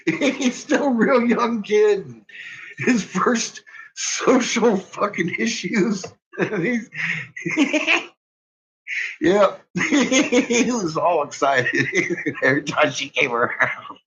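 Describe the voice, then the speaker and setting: A man's voice: high voice, lively intonation, very slow, pauses often, fairly bright tone. A middle-aged man telling stories about his son in casual chat, laughing constantly and swearing freely. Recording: dull lo-fi recording.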